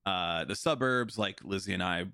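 A man's voice: deep voice, normal speed, bright, forceful tone, clean tone, no echo, clean studio sound. A man from the Chicago suburbs chatting casually and joking playfully. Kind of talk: casual chat.

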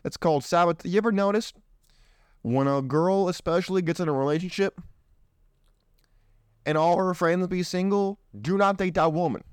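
A man's voice: sits high, normal speed, pauses often, clear, resonant tone, dry recording, clean studio sound. A young man hosting a show, giving blunt, provocative commentary while reading a dating list aloud. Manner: blunt, provocative, slips into mocking voices for others. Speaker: podcast host.

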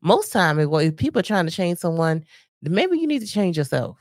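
A woman's voice: fairly low pitch, sing-song, moderate pace, no echo, clean studio sound. A woman co-hosting a casual podcast chat with her husband, talking emphatically and often asking if she is understood. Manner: emphatic, repeats "you know what I'm saying". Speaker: podcast co-host.

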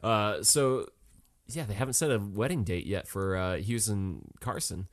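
A man co-hosting a podcast, chatting casually and retelling scenes with animated asides. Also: lowish voice, unhurried, no echo, studio quality. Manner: chatty, many fillers and restarts, animated retelling. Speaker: podcast co-host. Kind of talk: casual chat recapping a TV show.

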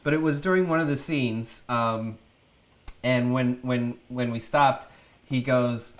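Animated, laughing Texan actor. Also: male voice, mid-range voice, normal speed. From Texas, USA. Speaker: film actor. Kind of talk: casual chat.

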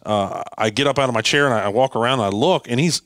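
Man, podcast guest, animated storyteller, acts out quotes, restarts often, mid pitch, dry close sound. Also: fast, no echo. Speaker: guest, landscaping business owner.

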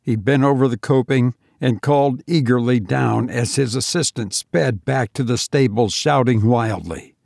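Storyteller, male, measured and slow, gravelly tone, dry close sound. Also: mid-range voice, darkish tone, dry recording. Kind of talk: scripted narration.

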